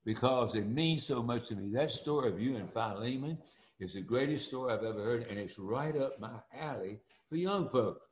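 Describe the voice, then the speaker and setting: An older man, telling stories in a folksy, animated way as an interview guest. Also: medium pitch, normal speed, reverberant. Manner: folksy and animated, acts out quoted voices. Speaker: interview guest, former speaker and coach. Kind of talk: storytelling interview.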